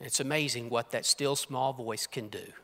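A man preaching a sermon as pastor, dropping to hushed whispers and rising to emphatic, forceful lines. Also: mid-range voice, fairly even intonation, moderate pace. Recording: long hall reverb.

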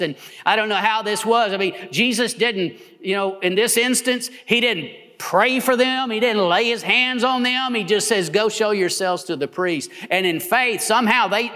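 A man preaching as a pastor, building to impassioned near shouts and then dropping low and quiet. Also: big-room sound. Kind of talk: sermon.

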